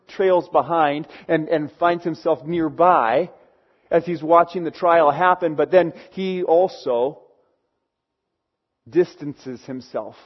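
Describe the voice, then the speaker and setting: A man's voice: a little high, muffled recording. A man preaching a sermon in a conversational storytelling way, acting out the people he talks about. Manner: conversational storytelling with acted quotes.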